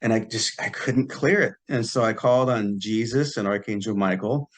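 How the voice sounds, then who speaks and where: A man, a podcast guest, telling a personal story in a relaxed way and acting out the quoted dialogue. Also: on the low side, normal speed. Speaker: podcast guest, psychic healer. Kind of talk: casual storytelling.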